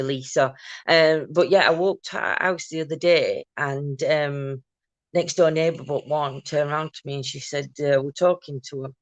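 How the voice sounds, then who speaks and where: A woman chats her way through a casual morning livestream at home, greeting viewers one by one. Her laugh is big and loud. The sound is close and dry, with no room echo. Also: sits low. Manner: chatty, greets viewers by name, laughs loudly. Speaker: livestream host.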